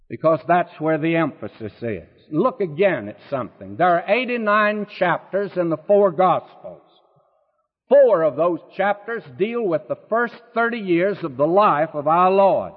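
A man teaching a Bible sermon in a folksy, emphatic way, asking rhetorical questions. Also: high voice. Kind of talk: radio sermon. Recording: tinny, phone-like sound with long reverb.

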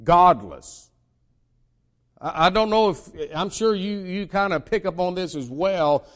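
A man's voice: sits high, normal speed. A man from the United States preaching a sermon, emphatic, with many repeated starts and dramatic swings in delivery.

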